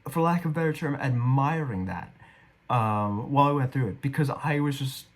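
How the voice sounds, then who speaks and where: A man's voice: medium pitch, normal speed. Young man rambling through commentary. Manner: rambling and self-deprecating. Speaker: actor reviewing his performance. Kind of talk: casual commentary.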